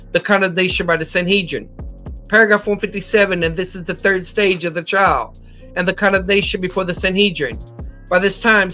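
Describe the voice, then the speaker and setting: Bright, high-voiced American man teaching scripture. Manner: methodical, cites chapter and verse, occasional slips. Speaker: Bible teacher. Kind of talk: scripture lesson.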